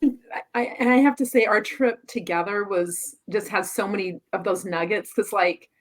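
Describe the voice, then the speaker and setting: A woman co-hosting a podcast, chatting casually and halting as she searches for words. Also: medium pitch, faint music behind. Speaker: podcast co-host. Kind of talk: casual chat.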